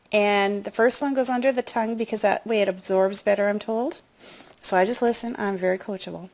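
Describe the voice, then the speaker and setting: A middle-aged woman shares a personal story in a confiding, emotional way, then pitches wellness products in an upbeat, chatty tone. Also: a little mellow.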